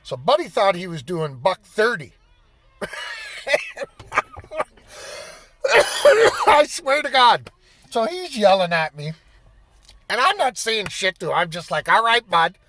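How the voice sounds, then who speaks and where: A man's voice: high voice, very animated, normal speed, pushed and bright. A man in his fifties telling a rambling, profane anecdote in a casual storytelling style. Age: 50s. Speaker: vlogger.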